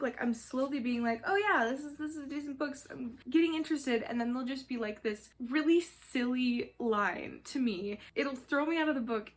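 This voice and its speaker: A young woman vlogging a casual book review, chatty and full of fillers, with exasperated amusement. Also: a little high.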